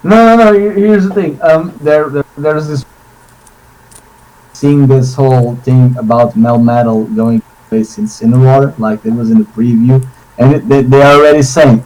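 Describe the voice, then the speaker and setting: A man chatting casually on a podcast, excitable and rambling, with many restarts and tangents. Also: mid-range voice, moderate pace, poor audio. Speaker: podcast co-host.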